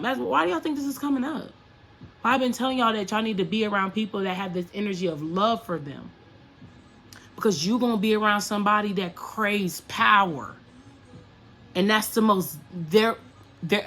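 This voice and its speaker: A woman with a medium-pitched, slightly bright voice speaks as a spiritual coach and astrology reader, with slight background noise. She addresses her viewers casually, firing off emphatic, repeated rhetorical questions and profane slang.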